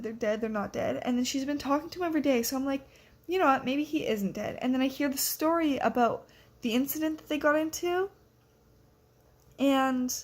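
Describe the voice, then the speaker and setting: Teen girl vlogger, high bright voice, rambling excitable casual chat. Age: teens. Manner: rambling, excitable, lots of filler words. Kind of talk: casual reading vlog chat.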